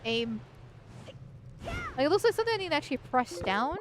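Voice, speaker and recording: A woman's voice: sits high, sing-song, a little fast, background noise. A woman streamer giving gameplay commentary in a crude, rambling way, swearing a lot.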